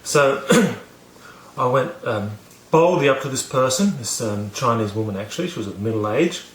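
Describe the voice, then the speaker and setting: A man's voice: mid-range voice, expressive, normal speed, roomy sound, a little hiss or hum. A man casually telling a story to camera, rambling with many fillers and restarts, poking fun at himself. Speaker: vlogger teaching about learning.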